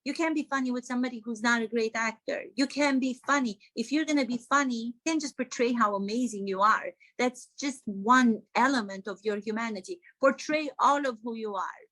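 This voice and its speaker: A woman's voice: on the high side, brisk, hardly any pauses, a bit bright, low-quality recording. Exasperated woman acting coach ranting. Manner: exasperated, emphatic and sarcastic. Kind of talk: satirical commentary to camera.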